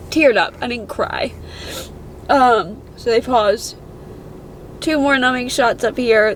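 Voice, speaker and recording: A woman's voice: on the high side, a little hiss or hum. A young woman vlogging casually to camera with a phone at arm's length, chatty and anxious, talking herself through it with reassurances. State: numb mouth after dental work, slurred. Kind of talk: casual vlog talk to camera. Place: in a car and outdoors in snow.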